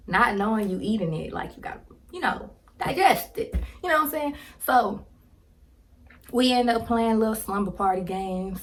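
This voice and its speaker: A woman in her twenties, a vlogger telling a casual story to a phone camera, slangy and animated, laughing as she talks. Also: on the high side, normal speed. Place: indoors, home filming with ring light.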